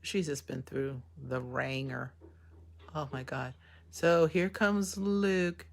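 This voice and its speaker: A woman's voice: low-pitched, takes it slowly, vocal fry. A woman hosting a live reaction to a TV episode, talking emotionally and exclaiming at each scene. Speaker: show reaction host.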